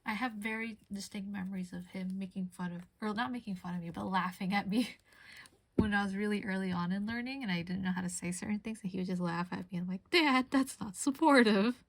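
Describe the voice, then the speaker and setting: A woman's voice: medium pitch, steady tone, fast, gravelly, dry recording. A young woman streamer chatting casually and rambling while she crafts, answering her chat.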